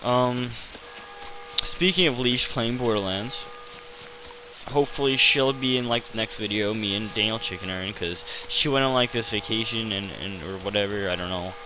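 Man, gameplay commentary, rambling and self-deprecating, low voice, hissing rain noise behind. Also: normal speed. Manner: hesitant, self-deprecating, many fillers. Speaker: gaming channel host.

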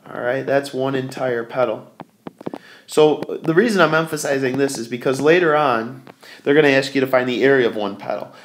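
A man teaches a math lesson in a mid-pitched voice, working through each point aloud as he draws. He pauses to catch and correct his own slips. Faint hiss and small clicks sit behind the recording. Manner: talks while drawing, corrects himself and thinks aloud.

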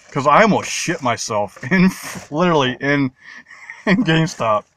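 A man vlogging excitedly about toy finds at a mall, talking slowly but leaping into high squeals and baby talk. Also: slight background noise. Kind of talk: excited casual vlog. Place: shopping mall.

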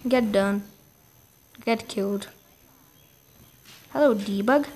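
A woman giving casual gameplay commentary, reacting excitably with quick exclamations. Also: a little high, slight background noise.

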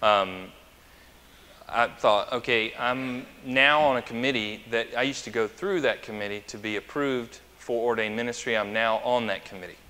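Bright-voiced male pastor in reverberant church. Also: medium pitch, normal speed. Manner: chatty and anecdotal, asking the congregation questions. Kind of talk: conversational sermon. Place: church sanctuary.

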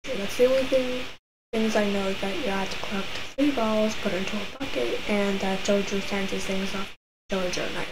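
A woman's voice: mid-range voice, steady tone, fairly quick, very noisy. A woman streamer giving casual commentary while playing a game at home, reacting and exclaiming to herself as she goes. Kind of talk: casual let's-play commentary. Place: home room at a desk.

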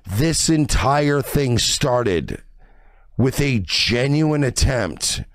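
A man's voice: mid-range voice, lively intonation, drawn-out words, dry recording. A drunk man on his stream, whining in an aggrieved tone about being wronged. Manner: whiny, aggrieved, slurring. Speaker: streamer in clip.

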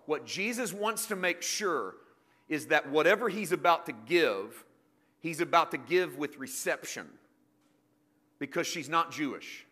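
Guy preaching a sermon, bright edgy voice, goes big then drops to quiet jokes. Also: on the high side, animated, measured pace. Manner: swings from loud emphatic preaching to quiet asides; jokey, self-deprecating with the congregation.

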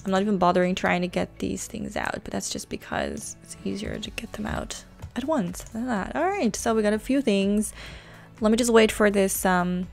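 Female tutorial host, chatty and rambling, slight vocal fry, light music underneath. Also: mid-range voice, very animated, normal speed. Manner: chatty, rambling, self-teasing. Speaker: gaming channel host. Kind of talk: casual screen-recorded tutorial. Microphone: desk microphone.

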